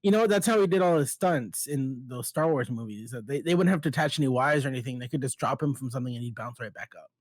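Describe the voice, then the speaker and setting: A man's voice: mid-range voice, expressive, no echo. A man co-hosting a podcast, goofy and playful, tossing out jokes in casual chat. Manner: goofy, playful, quick to laugh. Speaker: podcast co-host.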